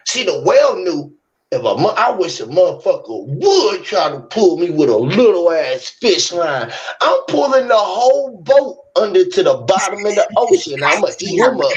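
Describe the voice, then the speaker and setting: Guy with a pretty high voice just rambling, cussing a lot, going off on fish metaphors, kinda muffled lo-fi audio. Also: big pitch swings, moderate pace. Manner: rambling, profane, spins long fish metaphors. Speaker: host of an online talk room. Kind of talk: casual chat.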